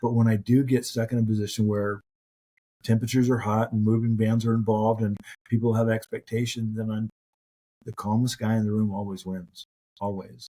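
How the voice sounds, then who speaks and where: A middle-aged man with a husky, mellow voice pitched a little low. He speaks as a podcast guest, telling career stories in an earnest, anecdotal way. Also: flat delivery, moderate pace, low-quality recording. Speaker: podcast guest, mortgage professional. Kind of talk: casual interview talk.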